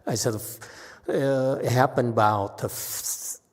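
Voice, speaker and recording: Unhurried male meditation teacher in a reverberant hall, checking in with listeners as he talks. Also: medium pitch. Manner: unhurried, with frequent "okay?" checks. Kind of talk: dharma talk answering questions.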